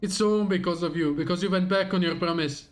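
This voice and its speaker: A man's voice: high-pitched, brisk, lightly acted. A man voicing a bitter, vengeful woman in a game, speaking in short, broken, accusing sentences.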